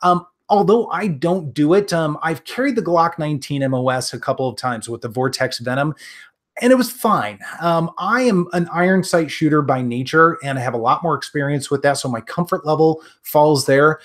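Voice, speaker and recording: A man's voice: on the high side, moderate pace. A man with a Midwestern accent hosting a live stream, chatting casually with viewers, friendly and rambling with lots of ums and restarts. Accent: Midwestern American. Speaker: gun channel host answering live chat.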